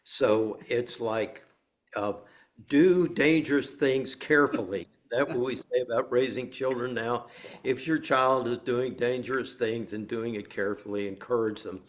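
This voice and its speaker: A man's voice: mid-range voice, fairly even intonation, unhurried. An older man leading a meditation group, giving a playful dharma talk with stories and laughing as he tells them. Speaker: meditation teacher.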